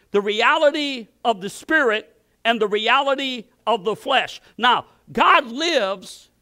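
Middle-aged man, pastor, emphatic sermon delivery, high and bright tone, stammering restarts. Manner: emphatic preaching with repeated rhetorical questions and stammered restarts.

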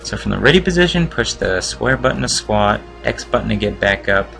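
A man's voice: fairly low pitch, animated, a little fast, creaky, bright, forceful tone, soft background music, exaggerated voice. A man reading the dialogue of a boastful male gym boss in a video game. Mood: explaining. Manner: reads in-game dialogue aloud in a put-on voice.

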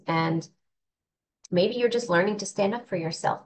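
The woman delivers a sincere, thoughtful spiritual talk, chatting casually and restarting sentences often, in her role as a spiritual teacher. Her voice is mid-range at normal speed, and the recording quality is low.

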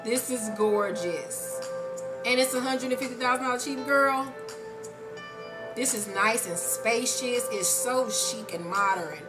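A woman co-hosting an advice chat show, reading a viewer's letter aloud and reacting with loud, profane excitement. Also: a little high, a little slow, music in the background. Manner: animated, profane, exclamatory.

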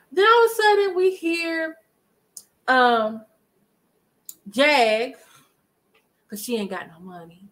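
A woman giving casual gossip commentary to her viewers, chatty and animated as she retells events. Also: high voice, slow, long pauses. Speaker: commentary vlogger.

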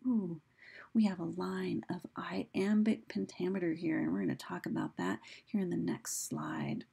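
Gravelly, mellow-voiced woman teacher. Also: lowish voice, unhurried. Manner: casual, explanatory, with fillers and restarts; reads quoted lines with dramatic emphasis. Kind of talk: recorded lesson narration.

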